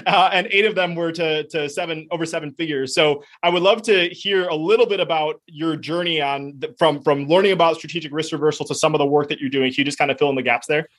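A male podcast host with a voice a little higher than most men's. He moves the talk along in a relaxed, friendly way, setting up a question for his guest. He speaks in plain, casual conversation. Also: fast talker, hardly any pauses. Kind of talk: casual chat.

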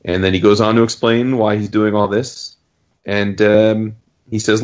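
Man, casual podcast chat, animated and profane, lowish voice, dull lo-fi sound. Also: a little slow. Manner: animated, acts out characters' lines in jumping voices, profane. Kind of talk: casual chat recapping a comic.

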